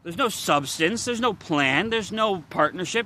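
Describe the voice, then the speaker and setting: A man's voice: high-pitched, animated, a little slow, sharp tone. A young man venting in a confessional vlog, frustrated, weary and swearing bluntly as he talks. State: weary and worn out. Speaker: vlogger.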